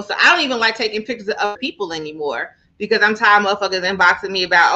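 An animated woman co-host chatting casually. Her voice is bright and forceful, at a middle pitch. The recording sounds a bit dull and lo-fi. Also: rapid-fire, hardly any pauses. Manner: animated, chatty, laughs often. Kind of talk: casual chat.

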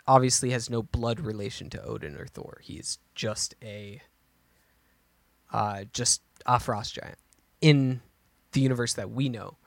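Gravelly man musing aloud. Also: medium pitch, no room sound. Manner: rambling, thinking aloud with restarts. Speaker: podcast co-host. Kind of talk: casual chat.

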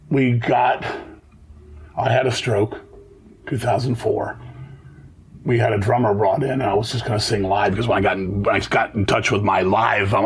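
A husky, fairly low-pitched voice belongs to a middle-aged metal musician being interviewed. He rattles off blunt stories at speed, swearing constantly and animatedly voicing the other people in them.

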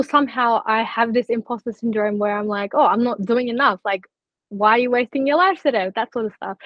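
A woman's voice: fairly high pitch, no room sound, lo-fi sound. A young woman speaking as a guest in a casual interview, reflective and open, laughing now and then. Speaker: scholarship recipient guest.

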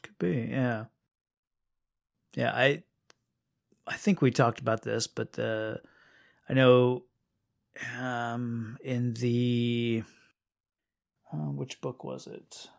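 A man's voice: medium pitch, steady tone, very slow, vocal fry, pauses often, no echo. Hesitant man's voice, dry close sound. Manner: hesitant, searching for words. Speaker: podcast co-host. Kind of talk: casual discussion.

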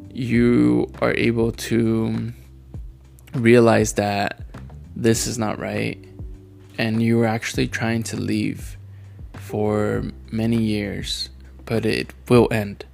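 A man in his twenties, crying as he speaks earnestly to his younger self, with long pauses. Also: medium pitch, creaky, a little mellow. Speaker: vlogger.

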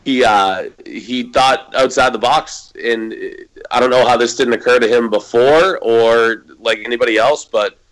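A man chatting casually as a podcast co-host. His delivery is laid-back and dry, and he slips easily into deadpan sarcasm. His voice sits at a middle pitch for a man. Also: moderate pace, poor audio. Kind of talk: casual wrestling podcast chat.

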